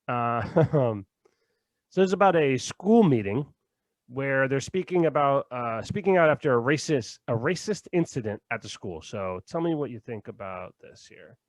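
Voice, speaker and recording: A man co-hosting a podcast in casual chat, loose and profane, laughing often and trailing off quietly at the ends of thoughts. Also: medium pitch, animated, normal speed, dry recording. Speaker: podcast co-host.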